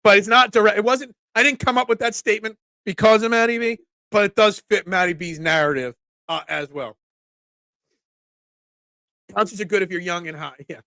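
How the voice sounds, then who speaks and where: A congested man in his forties hosts a casual sports talk stream, his high, bright voice cracking now and then. He rambles loosely as he answers chat comments, on a dry, close mic. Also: fairly even intonation, moderate pace, dry recording. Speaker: sports talk show host.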